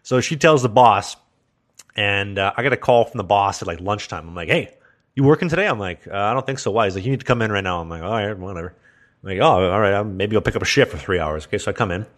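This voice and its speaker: A man's voice: lowish voice, quick pace. A young man hosting a podcast, telling a crude work story in casual chat with lots of laughter. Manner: laughing, crude, animated anecdote. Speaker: podcast host.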